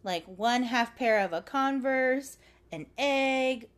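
A woman's voice: fairly high pitch, takes it slowly. A woman hosting a podcast, chatting casually through an episode recap and acting out the characters' lines. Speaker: podcast host.

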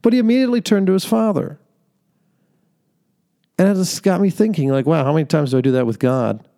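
This podcast host is a young man whose warm voice sits fairly high and moves a little fast. He shares a sincere, faith-centered story as a reflective monologue, dotted with filler words and laughter.

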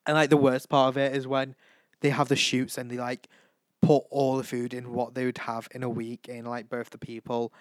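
Young male host, casual solo chat, mid-pitched voice, giggly and apologetic, dry close sound. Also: flat delivery, normal speed, dry recording. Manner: chatty, giggly, keeps saying sorry. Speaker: podcast host. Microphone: home microphone.

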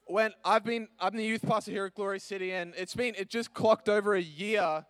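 A man's voice: high voice, a little fast, clean tone, no room sound. Earnest young male youth pastor preaching. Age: young adult. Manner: earnest, animated preaching with frequent restarts and fillers. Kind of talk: sermon.

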